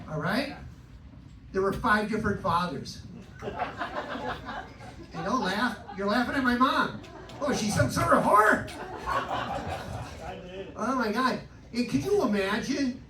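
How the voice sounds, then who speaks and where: A man doing a stand-up set on a live cabaret stage, crude and self-deprecating, working the crowd. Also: high voice. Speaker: stand-up comedian. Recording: roomy live club recording from a distance, noisy.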